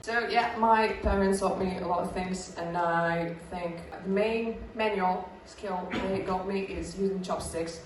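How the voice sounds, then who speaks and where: A woman's voice: lowish voice, fairly even intonation, measured pace, hardly any pauses, heavy reverb, far from the mic, slight background noise, poor audio. Russian-born woman with a British accent. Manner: chatty, self-mocking, hesitant fillers. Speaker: stand-up comedian. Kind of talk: stand-up comedy set.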